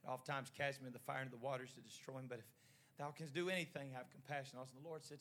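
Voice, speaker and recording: A man preaching a sermon in short rhythmic phrases that build to shouting. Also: mid-range voice, fairly even intonation, rapid-fire.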